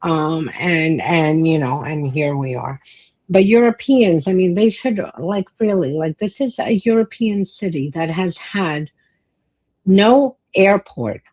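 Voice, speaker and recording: Blunt, profane woman with a low voice. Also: measured pace, darkish tone. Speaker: podcast co-host. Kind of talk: casual political chat.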